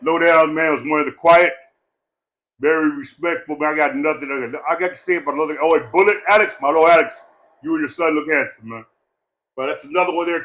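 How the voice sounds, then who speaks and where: A man giving a rambling, joking eulogy at a memorial gathering, loud and full of swearing. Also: on the high side. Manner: profane, loud and jokey, breaks into laughter.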